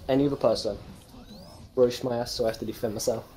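A man's voice: mid-range voice, steady tone, fast, dark tone, a little hiss or hum, low-quality recording. A young man with a Birmingham accent chatting casually and crudely over game voice chat, telling rambling jokey stories. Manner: crude, joking, rambling storytelling. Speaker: gamer in voice chat.

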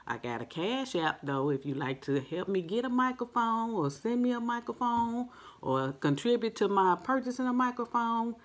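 A soft-spoken woman hosting a mukbang, chatting casually with her viewers and recording without a microphone. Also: animated, moderate pace. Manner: soft-spoken, naturally low-volume voice; friendly, chatty, addresses viewers as family. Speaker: mukbang host. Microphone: no microphone, device's built-in mic.

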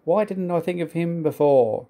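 A man's voice: fairly high pitch, moderate pace, dark tone, voice pushed up, natural voice. A man doing a kind, fretful old steam engine. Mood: fretting. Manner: earnest, fussing, indignant.

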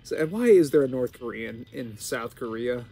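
Excitable chatty American man. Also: mid-range voice, normal speed, gravelly. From United States. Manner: chatty and excitable, rambling, with sudden loud outbursts and laughs. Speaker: gaming channel host. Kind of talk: casual gameplay commentary.

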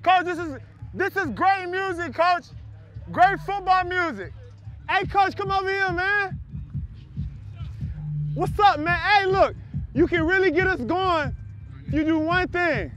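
Young football guy mic'd up at practice, really high voice, loud and teasing the whole time. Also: a little slow, long pauses. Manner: loud, joking, teasing trash talk. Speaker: pro football wide receiver. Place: outdoor football practice field. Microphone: wireless body mic.

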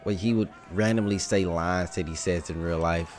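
A young man giving casual, excitable commentary over his own gameplay, trash-talking and laughing at the game. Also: sits low, normal speed. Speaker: gaming YouTuber.

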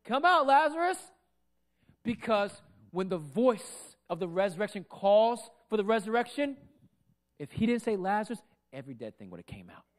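Male pastor preaching, very high and animated voice, loud and projecting, big swings between shouts and hushed asides. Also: moderate pace. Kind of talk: sermon. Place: church sanctuary. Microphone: microphone.

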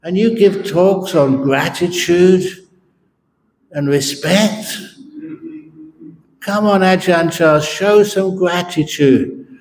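A man putting on an excited, pleading fortune seeker. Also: high voice, slow pace, pauses often, slight background noise, pitched above the performer's own voice. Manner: eager, insistent, whiny. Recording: echoey meditation hall.

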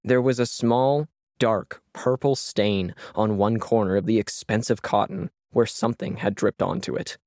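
A man reading a science fiction story as narrator, with a measured, even delivery. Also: on the low side, no room sound, clean studio sound.

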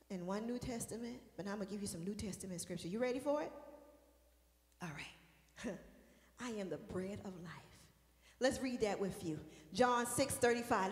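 Female preacher, high and bright, casual banter rising to sung shouts, roomy hall with faint music. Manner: conversational, joking with the congregation, rising into sung shouting. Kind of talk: sermon. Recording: echoey hall with music behind.

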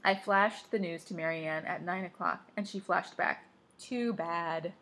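With a lowish, steady voice that sounds pushed and bright, a woman reads a first-person story aloud at a moderate pace. As the audiobook's narrator, she slips in offhand remarks of her own.

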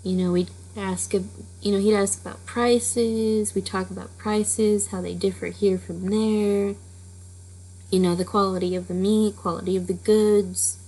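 Slow-talking woman chatting casually. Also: mid-range voice, steady tone, dark tone, rough recording. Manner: rambling, with many fillers. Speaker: storytelling channel host. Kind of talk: casual chatty intro to a reading.

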